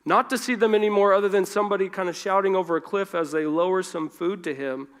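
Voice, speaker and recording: Preacher, man, high-pitched, informal, loose sermon delivery that swings between forceful stresses and quiet asides. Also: steady tone, fast, clean tone. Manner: informal, self-correcting, shifts between loud emphasis and hushed asides. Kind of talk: conversational sermon. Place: church.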